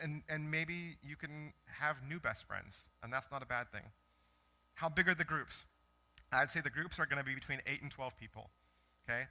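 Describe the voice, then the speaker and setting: Man, pastor, very bright voice, chatty animated sermon, church. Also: medium pitch. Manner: conversational, animated storytelling with self-corrections. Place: church sanctuary.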